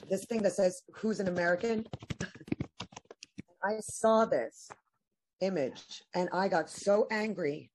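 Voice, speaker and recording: A woman guest in an interview, talking emotionally with many restarts and halting phrases. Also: mid-range voice, darkish tone. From New York. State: tearful at times. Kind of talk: impassioned conversational interview.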